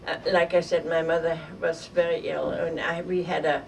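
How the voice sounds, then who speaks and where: An older woman from Germany telling a vivid, halting story from her childhood in an oral history interview. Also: low voice, little pitch movement, vocal fry. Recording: distant mic with faint noise.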